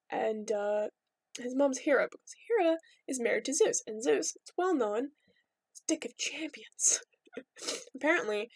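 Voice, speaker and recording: A young woman tells myths in a loose, irreverent vlog ramble. Her voice sits high and bright. The sound is close and dry, with no room around it. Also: no room sound. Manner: rambling, irreverent, jokey asides. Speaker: vlogger. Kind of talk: casual storytelling.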